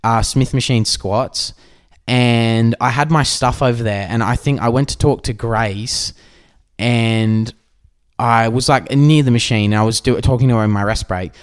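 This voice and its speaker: A man's voice: mid-range voice, measured pace, smooth. Swearing Australian man telling stories. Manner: animated storyteller, swears freely. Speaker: podcast co-host. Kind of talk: casual podcast chat.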